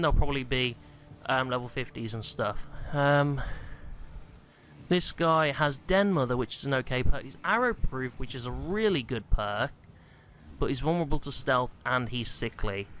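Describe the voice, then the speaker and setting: A man's voice: a little high, fairly bright tone, a little hiss or hum. A young man giving casual gameplay commentary, out of breath, rambling and full of um and like. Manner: rambling, heavy on fillers like um and like. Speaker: gaming YouTuber. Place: small stuffy room at home.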